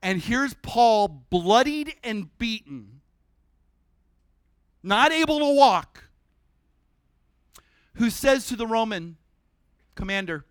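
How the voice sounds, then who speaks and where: A man preaching a sermon at a church service, animated and conversational, breaking into humorous asides. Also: sits high, takes it slowly, pauses often, no room sound.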